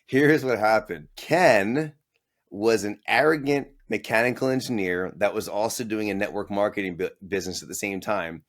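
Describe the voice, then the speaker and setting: A man's voice: fairly low pitch, normal speed. A man in his forties, a business owner telling his story in a casual interview, acting out the voices of people he quotes and laughing often.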